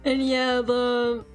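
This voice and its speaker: A woman chatting casually on her livestream, laughing often and swearing freely. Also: sits high. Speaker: streamer.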